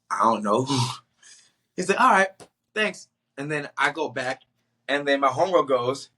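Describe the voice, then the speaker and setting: A young actor from the Boston area, appearing as a podcast guest, tells his story casually and with animation. His voice sits a little high, and he acts out the people he quotes while mixing in slang.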